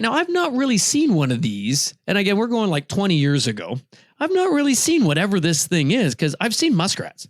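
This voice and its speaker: Animated man telling a hunting story. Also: fairly quick, no room sound, studio quality. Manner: animated, voice jumps high when retelling his shouts. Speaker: podcast co-host. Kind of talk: casual storytelling.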